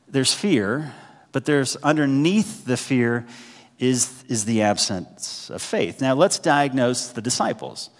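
A male pastor giving a sermon, talking to the congregation in a conversational way with emphatic pauses. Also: medium pitch. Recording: hall reverb.

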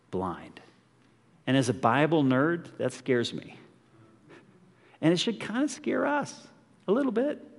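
A man preaching a conversational, earnest sermon as a pastor, often asking the congregation rhetorical questions. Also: mid-range voice. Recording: long hall reverb.

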